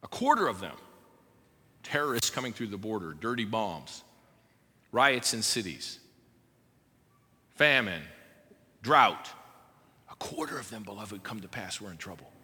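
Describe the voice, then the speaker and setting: A man's voice: on the low side, lively intonation, measured pace, long pauses, bright, forceful tone, slightly rough. A man preaching a sermon as pastor, pleading with his congregation with urgent repetitions. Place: church service before a congregation. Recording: long hall reverb.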